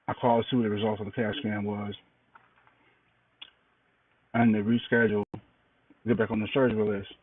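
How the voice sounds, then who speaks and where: A tired middle-aged man speaks in a low, flat voice, plain-spoken and halting with fillers. He sits a bit back from the mic, and the sound is thin and phone-like with a faint hiss behind it. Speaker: cancer patient sharing an update. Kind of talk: casual video diary. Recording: distant, phone-like, noisy recording.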